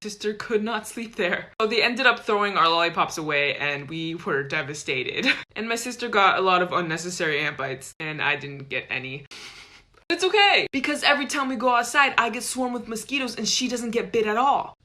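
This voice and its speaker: A woman's voice: medium pitch, animated, moderate pace, bright, forceful tone. A woman chatting casually through a storytime, animatedly acting out what other people said.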